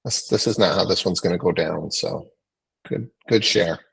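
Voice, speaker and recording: Man, low husky voice, call host, casual and loose, video call. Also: normal speed, poor audio. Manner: loose, conversational, many fillers. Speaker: host of a real estate training call. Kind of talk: hosting a group call.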